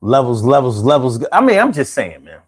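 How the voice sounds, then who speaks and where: A man's voice: mid-range voice, big pitch swings, fairly quick, slightly rough. A man hosting a casual live show, telling stories in loose slang and laughing often. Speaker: show host.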